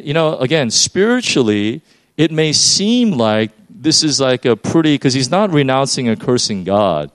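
A man's voice: mid-range voice, no echo. A middle-aged man preaching a casual, conversational sermon. He rambles with many fillers and restarts, and acts out little quoted voices along the way. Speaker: pastor.

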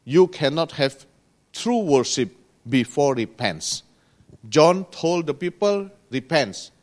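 A man preaching a sermon with a slow, earnest delivery, pausing often and pressing certain words, in non-native English grammar. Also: on the high side, very animated, darkish tone. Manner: slow, earnest preaching with pauses and rising emphasis.

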